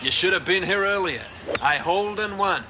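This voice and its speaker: An actor playing a laid-back crooner golfer with a slow, easygoing drawl. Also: male voice, sits high, close to an everyday voice. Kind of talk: sitcom acting. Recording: noisy TV recording with outdoor ambience.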